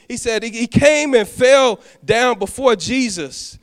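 A man's voice: very high voice, unhurried, clear, resonant tone. A man preaching a sermon as a church deacon, telling a personal story and speaking directly to the congregation, often stumbling and restarting his words. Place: church sanctuary.

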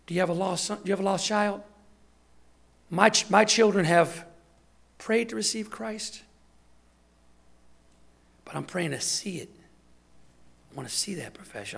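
A man's voice: high-pitched, vocal fry, husky. A man serving as deacon, preaching a sermon in an emphatic, conversational way, with lots of repetition.

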